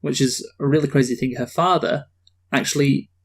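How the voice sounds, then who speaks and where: Brief: male co-host, dry deadpan delivery, plain mid-pitched voice. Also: normal speed, creaky, husky. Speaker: podcast co-host. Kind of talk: casual film review chat.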